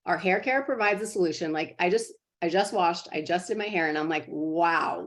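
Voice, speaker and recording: A woman in her thirties with a slightly low voice chats to her sales team over a video call. She is earnest and encouraging, full of "like" and "um," and her stories tumble out in a loose, friendly ramble. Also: normal speed. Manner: chatty, filler-heavy, earnest and encouraging. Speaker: team leader coaching sales partners. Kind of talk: casual motivational talk to a team call.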